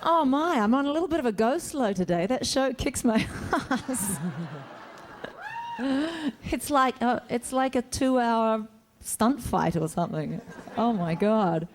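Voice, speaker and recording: On a convention Q&A panel, a woman who's an actor guest responds to fan questions through a stage mic in a large hall. Her fairly high voice moves a little slowly, and she's chatty and self-deprecating, joking and restarting often.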